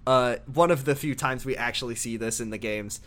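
A man chatting casually as he recaps a video game story. He slips into quick character voices for laughs, keeping an easygoing, playful tone. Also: mid-range voice. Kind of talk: casual chat.

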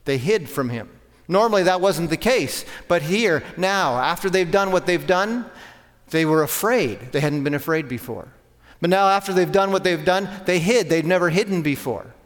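A man's voice: sits high, lively intonation, moderate pace. Man preaching in a reverberant hall. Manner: conversational, with self-corrections and rhetorical questions. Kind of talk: sermon.

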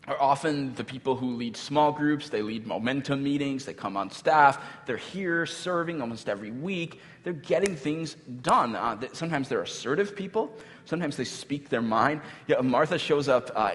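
A male pastor giving a sermon in a casual, conversational way, with filler words and light laughs. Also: mid-range voice. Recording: long hall reverb.

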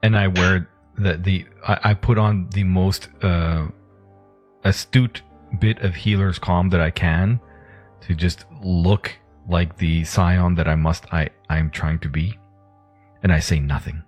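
A man's voice: deep voice, fairly even intonation, slow, darkish tone, faint music behind. A man playing a tabletop game, making wry quips. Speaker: player. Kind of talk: casual tabletop play.

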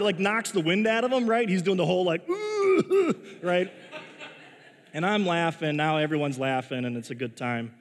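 A man preaching a sermon in a casual, storytelling way, full of halting restarts and chuckles at his own story. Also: fairly high pitch, slight background noise. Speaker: pastor. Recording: long reverb of a large hall.

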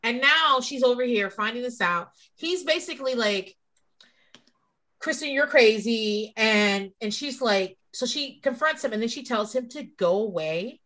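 A woman's voice: on the high side, normal speed, few pauses. A woman co-hosting a casual chat, telling gossip with profanity and acting out quoted lines. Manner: profane, animated storytelling with quoted voices. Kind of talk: casual chat recapping a reality show.

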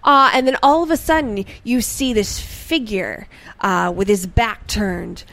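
A woman chatting casually on a podcast, gushing and excitable, with halting restarts. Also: mid-range voice, vocal fry, dry recording. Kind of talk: casual chat.

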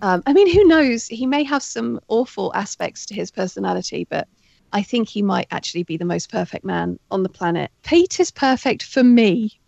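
A woman getting over a heavy cold, talking as a guest in a casual interview over a remote call, chatty and excitable and laughing often. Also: mid-range voice, moderate pace, gravelly, no echo, muffled recording. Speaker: guest, author and audiobook narrator.

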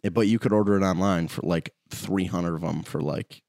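A man's voice: sits low, fairly even intonation, fairly quick, vocal fry, darkish tone, dry recording, clean studio sound. A young man co-hosting a podcast, joking, laughing and swearing in casual chat. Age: 20s. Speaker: podcast co-host.

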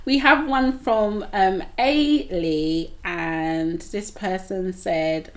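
A woman's voice: medium pitch, drawn-out words. Chatty woman co-hosting a podcast. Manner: chatty, laughs often, reads listener comments aloud. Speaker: podcast co-host. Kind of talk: casual podcast chat.

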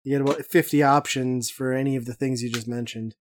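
A man's voice: mid-range voice, fairly even intonation, fast talker, a little hiss or hum. A man co-hosting a casual chat, making wry, sarcastic jokes. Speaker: podcast co-host.

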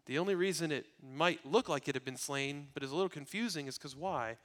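A man preaching a sermon in an earnest way, moving between loud emphasis and hushed, quiet passages. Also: a little high, brisk. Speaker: pastor.

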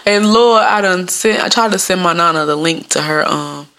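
A woman's voice: fairly low pitch, moderate pace, bright, forceful tone. A young adult woman hosting a podcast in casual, profane talk, laughing often and mimicking people in quotes. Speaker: podcast host.

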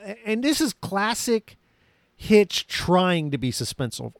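A man co-hosting a casual movie discussion, animated and acting out lines from scenes. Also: sits high, measured pace, gravelly, dry recording, studio quality. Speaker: podcast co-host.

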